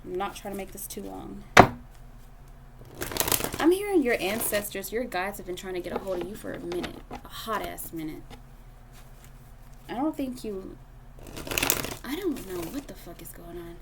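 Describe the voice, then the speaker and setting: A woman's voice: mid-range voice, normal speed, vocal fry, pauses often, very noisy. A young adult woman doing a casual tarot reading, speaking bluntly and swearing freely as she talks to the viewer. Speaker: tarot reader.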